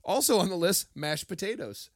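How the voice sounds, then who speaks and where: A man's voice: high voice, animated, moderate pace, no room sound, studio quality. A man co-hosting a casual sports podcast, reading items off a list between frequent laughs and filler ums. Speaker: podcast co-host. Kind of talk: casual chat.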